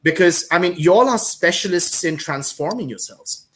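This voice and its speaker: A man's voice: high voice, expressive, moderate pace, a bit bright, a little hiss or hum. A man hosting a live-streamed panel over a video call, effusive and repeating his words and thanks as he welcomes guests. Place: Singapore.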